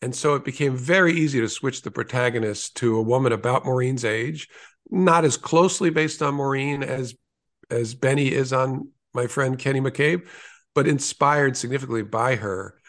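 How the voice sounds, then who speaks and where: A man's voice: mid-range voice, normal speed, a bit bright. A man in his sixties, an author being interviewed, telling stories in an earnest, reflective way with small restarts.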